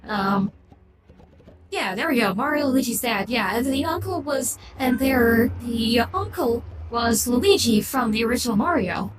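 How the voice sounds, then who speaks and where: A woman's voice: a little high, animated, a little slow. A woman streamer chatting casually on a livestream, rambling and opinionated, often restarting her sentences. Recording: echoey room with clear background noise.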